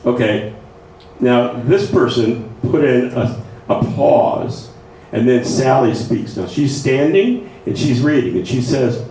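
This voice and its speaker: Presenting to a writing group, this man speaks slowly in a warm, mid-range voice with lively intonation. His lecture is conversational, with frequent check-ins with the audience, captured by a far-off mic in an echoey room with faint noise.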